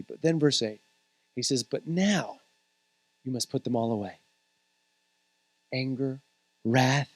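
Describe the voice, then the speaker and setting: A man preaching to his congregation in a high, earnest voice, swinging between hushed, low passages and lifted, energetic ones. The sound is dry and close, with little room around it. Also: no echo. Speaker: pastor. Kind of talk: sermon. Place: church.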